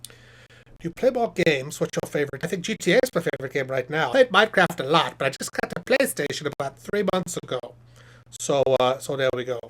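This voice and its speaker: A man voices a chatty, self-satisfied male puppet professor hosting a live stream, reading chat questions aloud and rambling through them with deadpan jokes. He speaks briskly in a slightly high voice.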